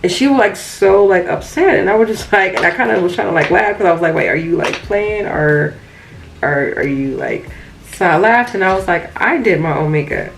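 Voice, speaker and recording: A young woman vlogging casually while doing her makeup, telling a story in a chatty, animated way with laughs and asides. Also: medium pitch, normal speed, gravelly, soft background music, rough recording. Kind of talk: casual get-ready-with-me storytime.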